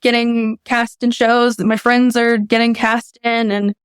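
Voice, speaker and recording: A woman's voice: on the high side, little pitch movement, a little slow, clear, resonant tone, no echo. A woman voice teacher as a podcast guest, speaking in a reflective, self-deprecating way. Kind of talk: candid podcast conversation.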